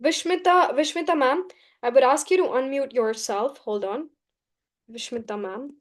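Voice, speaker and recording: Brisk woman teaching online. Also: sits high. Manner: brisk, repeats key phrases, coaxing. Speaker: English teacher. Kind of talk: live online class.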